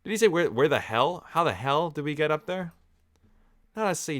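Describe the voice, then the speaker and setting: A Canadian man, a movie reviewer, gives a casual watch-along commentary on a film, reacting aloud as it plays. His voice is fairly high and animated at a normal speed, and his manner is chatty and jokey, full of laughs and asides.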